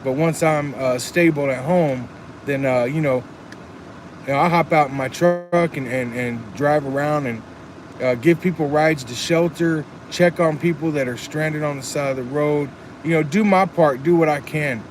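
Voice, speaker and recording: A man's voice: fairly high pitch, moderate pace, slight background noise. A man chatting casually on a live stream, earnest and rambling, reading chat comments aloud. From Texas.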